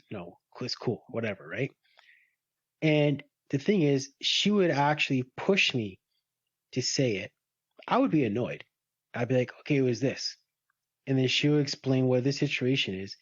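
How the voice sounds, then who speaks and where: A man's voice: mid-range voice, no room sound. Candid man on a dull, dry podcast line. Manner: candid, talks through his own relationship habits. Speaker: podcast co-host. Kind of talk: casual chat.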